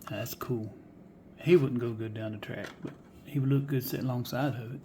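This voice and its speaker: A man's voice: medium pitch, fairly even intonation, a little fast, background noise. A man showing off die-cast cars in a casual vlog, folksy and musing aloud, often dropping to a whisper. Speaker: die-cast car collector showing finds. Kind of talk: casual show-and-tell vlog.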